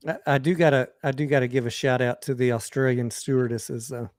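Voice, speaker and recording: A man co-hosting a livestream, telling relaxed stories in casual chat with filler words. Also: mid-range voice, a little fast, no echo, studio quality. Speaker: livestream co-host.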